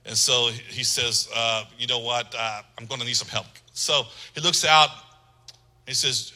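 A man preaching a sermon, moving from quiet storytelling to loud, shouted preaching. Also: mid-range voice, fairly even intonation, measured pace, rough recording. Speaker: pastor.

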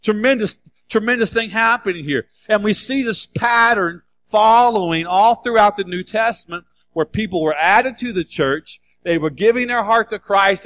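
Animated high-voiced male pastor preaching. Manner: animated preaching, acts out scripture dialogue with emphatic repeats. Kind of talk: sermon.

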